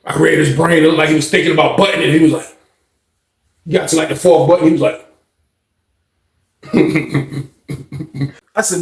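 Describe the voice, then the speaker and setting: A man telling a story in a casual, slangy way, animated and often laughing. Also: fairly high pitch, a little fast, gravelly, long pauses. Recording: roomy echo.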